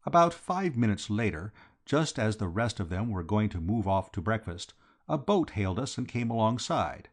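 A man narrates a classic comic novel in scripted audiobook style. His delivery is animated and rises and falls a great deal, with a slightly husky voice. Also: fairly low pitch, normal speed.

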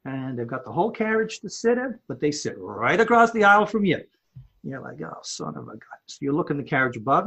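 Man, husky voice, candid, casual, storytelling, acts out quoted dialogue, interview guest. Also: on the high side, a bit bright. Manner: casual and candid, with mild swearing. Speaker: home improvement company owner, podcast guest. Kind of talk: telling a personal story in an interview.

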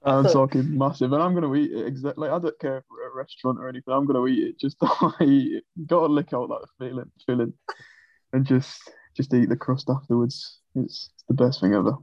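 A man talking fast and animated, laughing along with his own words. He is recorded on a dry, slightly dull lo-fi mic. It is casual podcast chat. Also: medium pitch, no echo. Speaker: podcast co-host.

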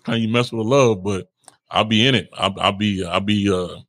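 Deep-voiced man, casual slangy podcast chat. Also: moderate pace, fairly bright tone, no echo. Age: adult, older than co-host. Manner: laughs often, slangy and repetitive. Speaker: podcast co-host.

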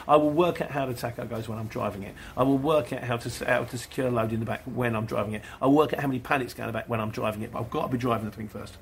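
A man's voice: mid-range voice, vocal fry, a little hiss or hum. A man, a van delivery driver, chatting casually to viewers in a rambling way and acting out exchanges with customers. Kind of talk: casual vlog answering viewers.

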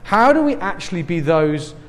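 A man's voice: high voice, very animated, normal speed. A man with an English accent preaching a sermon through a face mask, earnest and conversational, with asides and light laughs. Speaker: pastor. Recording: long reverb of a large hall.

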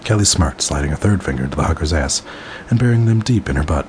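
A man hosting a comic reading, narrating deadpan with wry asides. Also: sits low, fast, a little hiss or hum, poor audio. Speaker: host reading stories.

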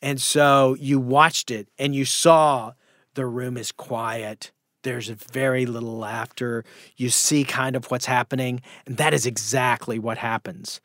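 A man's voice: medium pitch, a little slow, no room sound, studio quality. A man guest telling a story in a casual interview, acting out the voices of the people in it. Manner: animated anecdote telling with acted-out quotes. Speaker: guest comedian and actor.

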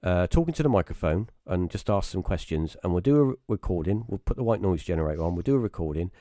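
Speaking quickly and with a warm, animated tone, a British man spins rambling personal tales as a live-stream guest. He keeps restarting his sentences and shifts abruptly into high voices whenever he quotes someone. The audio is studio quality, with no room sound.

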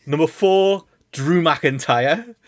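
A man hosting a casual podcast chat, animated and mocking, often laughing and swearing. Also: fairly high pitch, slow, dry recording, clean studio sound. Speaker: podcast host.

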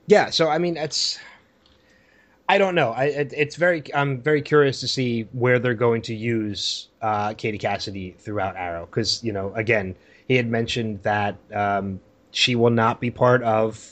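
Mid-pitched man hosting, halting. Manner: hesitant, many fillers, steers the topics. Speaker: podcast host. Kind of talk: casual chat.

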